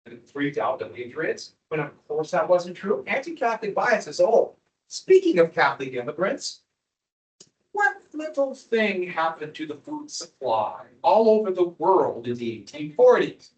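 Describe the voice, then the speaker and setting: A man teaching a history lecture to a class, animated and quizzing students as he goes. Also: sits high, moderate pace. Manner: animated, asks the class questions. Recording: echoey classroom from far off.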